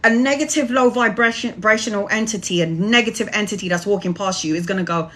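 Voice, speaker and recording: A woman's voice: mid-range voice, quick pace, few pauses, fairly bright tone. A woman tarot reader giving a casual spiritual monologue, preachy and swearing freely.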